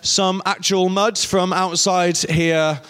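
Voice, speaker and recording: A man's voice: sits high, level tone, slow, a bit bright, clean tone, in a large hall. A man giving an interactive youth talk as guest speaker, playfully directing volunteers on stage.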